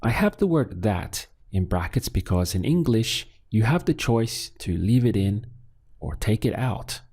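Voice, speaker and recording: A man teaching a Spanish lesson, patiently asking questions and pausing so learners can answer. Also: fairly low pitch, big pitch swings, a little mellow, husky. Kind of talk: scripted language lesson.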